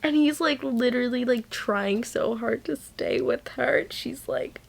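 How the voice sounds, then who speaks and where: A young woman recaps a novel in a casual reading vlog. She talks at an unhurried, drawn-out pace, gushing and excitable, and now and then reads passages aloud. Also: high-pitched, gravelly, slight background noise. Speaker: book vlogger.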